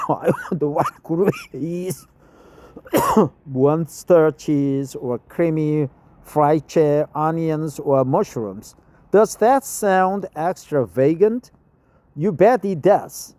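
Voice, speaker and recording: A man's voice: on the high side, extremely slow, dark tone, no echo. A middle-aged man with a Korean accent, a native Korean speaker reading English text aloud for practice, repeating phrases and correcting his own pronunciation.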